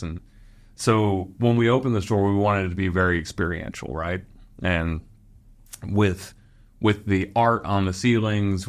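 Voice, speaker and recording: A man from Los Angeles, a clothing store owner guesting on a podcast, telling rambling, animated anecdotes with frequent laughs. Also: low-pitched. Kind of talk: casual storytelling interview.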